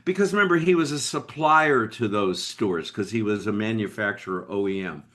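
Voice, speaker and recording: Animated older male business storyteller. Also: normal speed. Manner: animated storyteller with big pitch swings. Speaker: guest, business leader. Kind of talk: storytelling interview.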